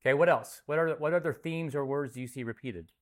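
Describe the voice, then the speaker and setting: Speaking quickly with a voice on the high side, this pastor leads a Bible study that opens with scripture reading and prayer. He then teaches the group conversationally, posing questions and echoing their answers.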